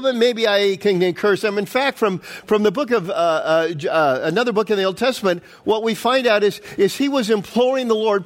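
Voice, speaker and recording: Man, pastor, sermon, high voice, animated, acts out quotes, middle-aged. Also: brisk, few pauses. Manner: animated storytelling with acted-out quotes.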